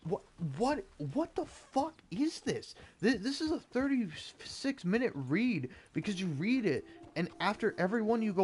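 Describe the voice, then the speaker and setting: A man's voice: high-pitched, very animated, normal speed, hardly any pauses, darkish tone, slight background noise. A young man giving a sarcastic, profane rant while reading an article aloud. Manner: profane, sarcastic, exasperated ranting. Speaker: gaming video creator. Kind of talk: ranting commentary reading an article.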